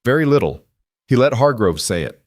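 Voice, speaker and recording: A man voicing a steady, blunt cowboy rancher in a storybook reading, speaking in a measured, firm, plain-spoken way. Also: medium pitch, dry recording, clean studio sound. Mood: grim.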